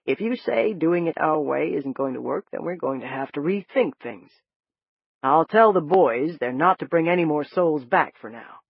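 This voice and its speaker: A narrator doing an older gruff kind man, folksy drawl, lower voice, audiobook, dull dry recording. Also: expressive, moderate pace, dry recording. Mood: reassuring. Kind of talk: audiobook character voice.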